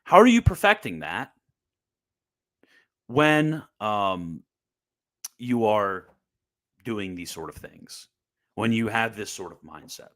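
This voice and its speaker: A man's voice: lowish voice, big pitch swings, takes it slowly, pauses often, fairly bright tone. A young man giving casual, combative commentary on church teaching, sarcastic and full of restarts. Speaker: Catholic commentator.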